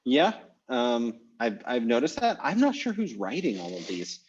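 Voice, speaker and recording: A man's voice: medium pitch, wildly swooping pitch, moderate pace, breathy edge, muffled recording. A man teaching an online language class, thinking aloud with many fillers and restarts. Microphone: video call.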